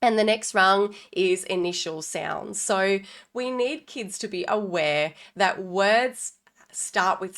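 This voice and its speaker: Woman, literacy teacher, casual podcast explainer, playful with examples. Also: mid-range voice. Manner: warm, playful modeling of sound games with children. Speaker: literacy educator and podcast host. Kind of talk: informal teaching talk to parents.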